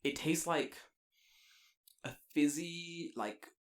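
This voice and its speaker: This is a man with a fairly high-pitched voice, chatting casually on a podcast. He tells stories with animated energy, trails off mid-sentence and drops the odd swear word. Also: takes it slowly. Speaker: podcast co-host. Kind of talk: casual chat.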